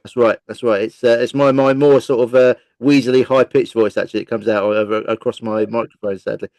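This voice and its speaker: Fast-talking guy on a footy podcast, self-deprecating jokes, stammery, dry sound. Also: medium pitch, fairly even intonation, a little mellow, no room sound. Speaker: podcast co-host. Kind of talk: casual football podcast chat.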